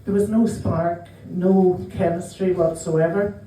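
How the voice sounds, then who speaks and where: A Northern Irish woman in her fifties performing a stand-up set, telling self-mocking stories with quick dry asides. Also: on the low side, fairly even intonation, warm tone, a little hiss or hum. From Northern Ireland. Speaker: stand-up comedian. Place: small comedy club. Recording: roomy live venue, mic heard from a distance.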